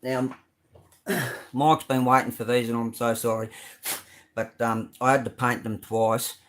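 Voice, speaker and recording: A middle-aged Australian man hosts a casual live stream showing his model cars, rambling through his builds with many ums and greeting viewers by name. His mid-range voice is a bit bright, with little pitch movement and a measured pace.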